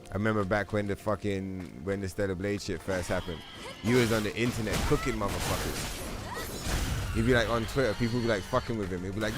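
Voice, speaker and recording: This is a young man hosting a gaming stream, speaking quickly in a lowish voice over game music. His casual chatter wanders, curses freely and leans heavily on fillers.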